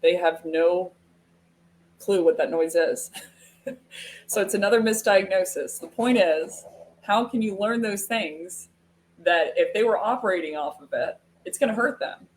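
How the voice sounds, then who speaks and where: A woman's voice: lowish voice, measured pace, a little hiss or hum. An American woman hosting a live sales webinar, talking casually and telling stories with frequent laughs. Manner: animated storytelling with frequent laughs. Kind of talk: casual live-stream talk.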